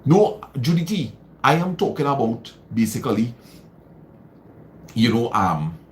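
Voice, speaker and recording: A man's voice: mid-range voice, very animated, a little slow, slight background noise. A man hosting a live stream, giving casual motivational advice, repeating phrases for emphasis and answering viewer comments. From Trinidad and Tobago.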